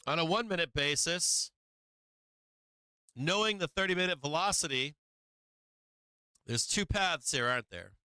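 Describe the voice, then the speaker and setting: Man doing bright, crisp trading commentary. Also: on the high side, animated, a little slow, pauses often, no echo. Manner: rhetorical questions to viewers, chats to his cat. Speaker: stock market stream host.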